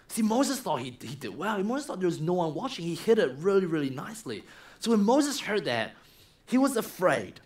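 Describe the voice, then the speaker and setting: A man's voice: sits high, a little fast. A man in a church, preaching a sermon by retelling a story and acting out its scenes. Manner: animated, acts out the story. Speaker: minister.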